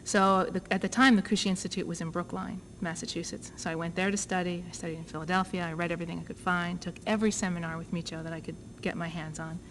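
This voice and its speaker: A woman speaks to a conference crowd in a fairly low voice, telling her own story in a lively way. She acts out both sides of each exchange as she goes. A faint hiss sits under her words. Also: fast talker, hardly any pauses. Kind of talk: personal story told to an audience. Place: conference talk.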